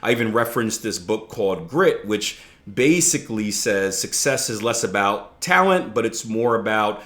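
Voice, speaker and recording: A man hosting a trading podcast, explaining ideas in a relaxed, conversational way with playful asides and frequent "right?" checks to the listener. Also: lowish voice, normal speed. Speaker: trading coach and podcast host. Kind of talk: casual instructional podcast talk.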